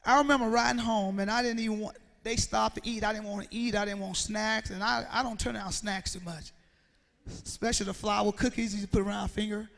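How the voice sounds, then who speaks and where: Woman with a gravelly voice, speaking in an echoey hall. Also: medium pitch, steady tone, brisk, a bit bright. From Mississippi, USA. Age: 40s. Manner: storytelling, acts out dialogue, quizzes the audience. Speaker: motivational speaker. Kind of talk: motivational speech to students. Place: school assembly hall.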